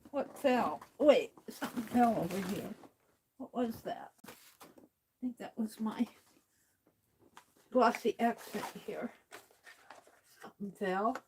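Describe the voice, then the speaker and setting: A woman's voice: a little high, a little hiss or hum. A woman hosting a crafting livestream, chatting casually, thinking aloud and talking to her viewers. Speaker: livestream host.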